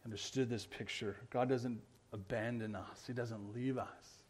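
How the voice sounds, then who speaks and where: A male pastor preaching a sermon, earnest, often checking in with the congregation and moving between loud emphatic lines and quiet low ones. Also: fairly even intonation, unhurried. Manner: earnest preaching, keeps asking the congregation "right?".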